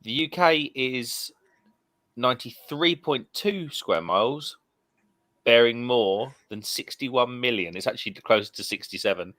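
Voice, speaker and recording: A man's voice: mid-range voice, a little slow, sharp tone. A man in casual chat, reading out facts and figures from his phone.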